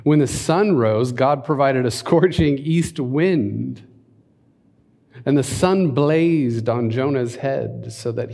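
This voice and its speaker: Speaking slowly in a warm, creaky, mid-range voice, a pastor reads scripture and preaches in a church hall. He drops in conversational asides and leads a prayer, and the sound carries a long hall reverb.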